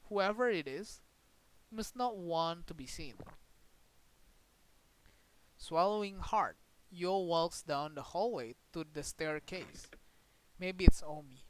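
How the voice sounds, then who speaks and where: A game streamer, reading a story game's text aloud in a dramatic way, with sudden loud outbursts. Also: mid-range voice, rough recording. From Indonesia.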